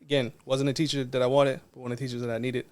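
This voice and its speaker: A man's voice: mid-range voice, flat delivery, very fast, darkish tone. A man, a non-profit co-founder, telling a personal story in a casual interview in an earnest, reflective way.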